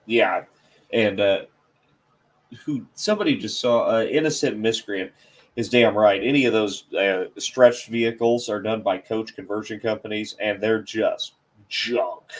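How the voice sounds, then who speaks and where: A man's voice: on the low side, unhurried. A man hosting a car channel's live stream, chatting casually in a rambling, hesitant, self-deprecating way.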